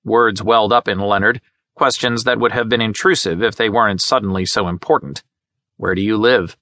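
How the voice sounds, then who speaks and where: Dry, bright-toned male audiobook narrator. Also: fairly low pitch, brisk, no room sound. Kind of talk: scripted narration.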